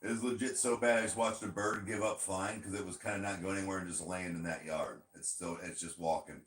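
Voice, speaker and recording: Low-voiced man chatting casually, swearing. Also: brisk. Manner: swearing, shifts between chirpy and low flat voice. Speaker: podcast co-host; bartender. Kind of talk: casual podcast chat.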